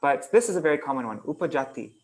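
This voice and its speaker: A man leads an online lesson on verse meter in a relaxed, thinking-aloud way, working on screen as he goes. His voice has a gravelly edge, and every so often he chants syllable patterns out loud. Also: fairly high pitch, quick pace. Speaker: kirtan teacher.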